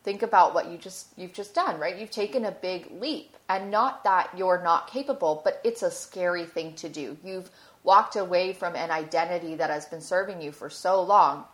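A woman quoting her partner, a calm, frank adult man who talks to her in a reassuring way. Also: lowish voice, moderate pace, lightly acted.

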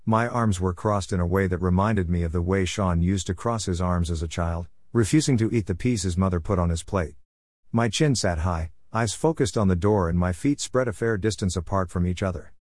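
Low voice guy reading a dark first-person story, measured, dry close sound. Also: no echo.

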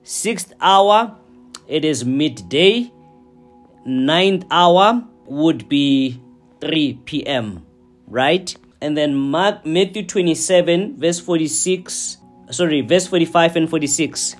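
Slow-preaching man with a raised voice. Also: on the high side, soft background music. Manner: slow, deliberate, with frequent "right?" checks. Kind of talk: sermon teaching.

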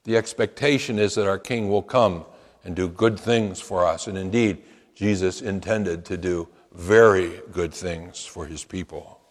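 A man's voice: deep voice, unhurried, long reverb tail. A man preaching a sermon as pastor, rising into emphatic chanted quotes.

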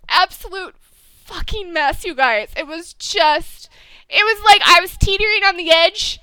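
A woman co-hosting a casual chat, gushing and animated, swearing for emphasis. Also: very high voice, measured pace, dry recording. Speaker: podcast co-host. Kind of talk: casual chat, fan recap.

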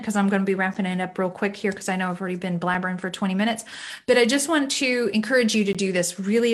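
A middle-aged woman speaks at home in a loose, rambling way, full of fillers and asides. She is candid and a little self-mocking, and she gently urges her listeners on. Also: medium pitch. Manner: chatty and rambling, lots of "like" fillers; candid, self-deprecating, encouraging. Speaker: faith-based self-esteem speaker. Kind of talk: casual talk to camera. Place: home room.

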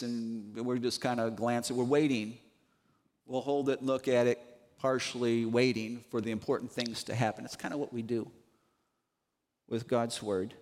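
A man preaching a sermon and reading scripture aloud, emphatic and repeating words to drive points home. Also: a little high. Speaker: pastor. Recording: long reverb of a large hall.

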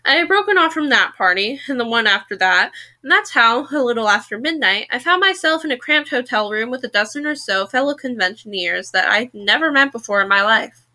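A woman's voice: on the high side, expressive, a little fast, pushed and bright. A woman reading a novel aloud for a podcast, casual and correcting herself as she goes. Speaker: podcast book reader.

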